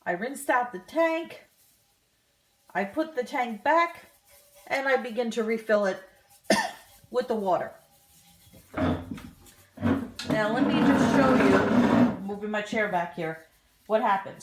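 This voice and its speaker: A woman telling a story in a casual home vlog, chatty and animated, with plenty of fillers and restarts. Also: on the high side. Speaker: vlogger. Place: at home by a kitchen counter.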